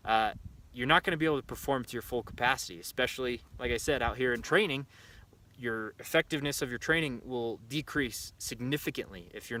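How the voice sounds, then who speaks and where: A shooting coach and show host talks to camera at an outdoor pistol range in a medium-pitched, bright, forceful voice. His delivery is casual and conversational, full of fillers and restarts, with slight background noise.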